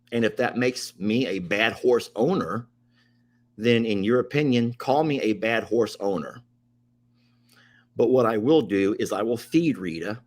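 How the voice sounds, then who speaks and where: Impassioned, upset man ranting to camera. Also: medium pitch. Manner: impassioned, repetitive, Southern-style plain talk. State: emotional, upset. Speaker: ranch channel host. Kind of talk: emotional direct-to-camera rant.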